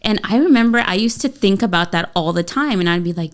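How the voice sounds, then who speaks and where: Smooth-voiced chatty woman podcaster. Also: mid-range voice, expressive, fast. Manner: candid and chatty, with many fillers. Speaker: podcast co-host. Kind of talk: casual parenting podcast chat.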